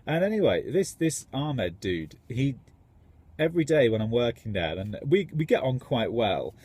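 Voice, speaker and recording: Man, husky voice, casual rambling, enthusiastic, tradesman. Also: mid-range voice, big pitch swings, moderate pace, a little mellow, no echo. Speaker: tradesman contractor.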